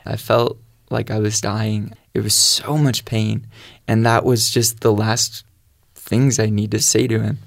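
A man's voice: on the low side, level tone, unhurried, creaky, dry recording, studio quality. A man telling his faith testimony in an earnest, storytelling way. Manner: earnest storytelling, quotes his own prayers. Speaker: guest sharing testimony.

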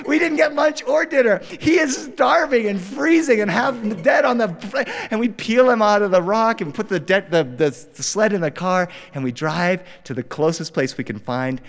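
A middle-aged man spins a funny personal tale for a live studio audience, his voice sitting a bit high and leaping up whenever he acts out the panic. A long reverb trails each phrase, as if the room were a small hall. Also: normal speed, creaky, few pauses. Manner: animated, acts out dialogue with big pitch jumps. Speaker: storyteller. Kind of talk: live storytelling performance.

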